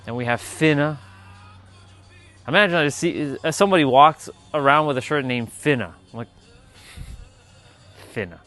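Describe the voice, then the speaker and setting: With a fairly high-pitched, fairly bright voice at a moderate pace, a man hosts a livestream as faint music plays. He chats casually, playfully repeating a word he finds funny and laughing at it.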